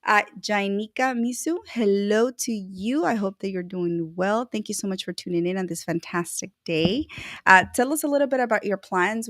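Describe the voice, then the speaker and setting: A woman's voice: lowish voice, dry recording. This is a woman from Chile who hosts a live online talk show. She chats with viewers in a bubbly, effusive way and laughs often. The sound is dry and close, with no room to it. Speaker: livestream host. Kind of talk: casual livestream chat.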